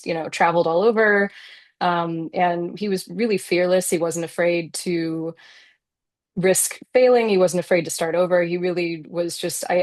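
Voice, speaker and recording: A woman's voice: fairly low pitch, dry recording. A woman novelist as a guest in an interview, talking in an earnest, reflective way and peppering her speech with "like.". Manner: earnest and reflective, many "like" fillers. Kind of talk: casual interview conversation.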